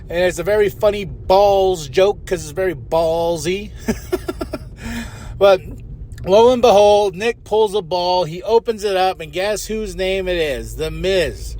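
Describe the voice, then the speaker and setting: A man hosting a podcast, casually recapping a wrestling show with animated paraphrased quotes. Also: high-pitched, a little hiss or hum. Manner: animated, paraphrases wrestlers in quick put-on voices, chuckles. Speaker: podcast host.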